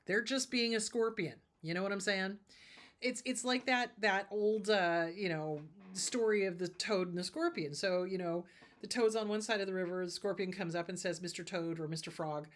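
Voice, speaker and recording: A woman therapist who hosts a show gives casual advice to her audience, repeating her points for emphasis and driving each one home. Her voice is mid-range, at a moderate pace.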